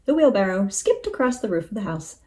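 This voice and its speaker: Mulher animada lendo história infantil. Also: female voice, mid-range voice, brisk. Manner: expressive, animated. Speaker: teacher reading aloud. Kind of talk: children's storybook read-aloud.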